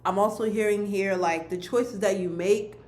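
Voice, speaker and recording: A woman's voice: mid-range voice, steady tone, moderate pace, darkish tone, reverberant. A woman giving a monthly card reading to her viewers, speaking earnestly to them and repeating her key phrases. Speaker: spiritual card reader.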